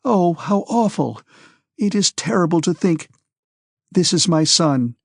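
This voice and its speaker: A man voicing an anxious, pleading middle-aged noblewoman who speaks in gentle, imploring tones in an audiobook. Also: sits high, animated, unhurried, gravelly, dry recording, clean studio sound, voice pushed up, exaggerated voice. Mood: sorrowful.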